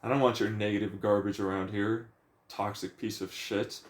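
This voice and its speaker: A man's voice: fairly low pitch, fairly even intonation, normal speed. A young man venting in a profane, agitated, rambling rant about his life. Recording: echoey room.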